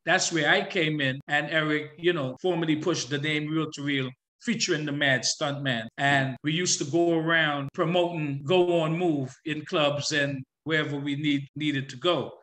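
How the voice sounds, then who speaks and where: A male musician guest telling his story in an animated way, breaking into sung hooks as he talks. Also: a little high, moderate pace. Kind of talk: storytelling interview talk.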